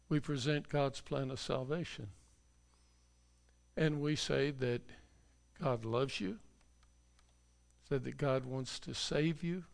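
Slow, gravelly pastor telling a story. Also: male voice, mid-range voice. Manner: folksy storytelling that turns to earnest preaching. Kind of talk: sermon. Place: church.

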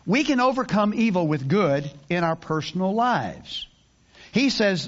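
A man's voice: sits high, sing-song, a little slow, lo-fi sound. An older man preaching a sermon in a folksy, conversational way, with many restarts and asides. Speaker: pastor.

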